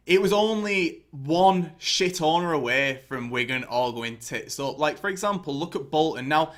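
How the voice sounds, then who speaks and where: Young man, furious sarcastic football fan vlog rant, heavy swearing, mid-high pitch. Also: a bit bright. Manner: sweary, sarcastic, mocking impressions. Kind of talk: angry ranting commentary.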